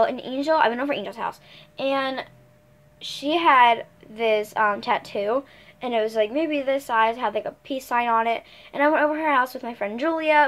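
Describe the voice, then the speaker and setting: A woman's voice: a little high, fairly bright tone. Rambling teen girl telling a storytime. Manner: rambling, self-correcting, lots of fillers. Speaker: vlogger. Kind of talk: casual storytime chat.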